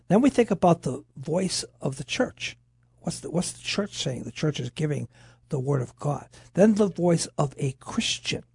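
A man's voice: a little high, normal speed, gravelly, breathy edge, dry recording, studio quality. A man co-hosting a Christian radio talk show, teaching animatedly from scripture. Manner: animated preaching, quotes voices of scripture. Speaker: radio co-host, pastor.

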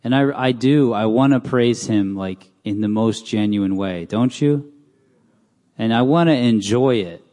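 A man's voice: on the low side, measured pace, dark tone. A man giving a casual, conversational sermon in a church, often putting questions to the congregation. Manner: casual, asks the crowd questions. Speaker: preacher. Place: church hall. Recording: long hall reverb.

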